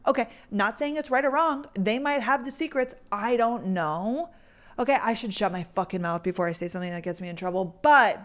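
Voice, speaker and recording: A young woman in her twenties hosting a podcast, telling a story in a chatty, animated, self-deprecating way. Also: medium pitch. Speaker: podcast host. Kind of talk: casual storytelling chat.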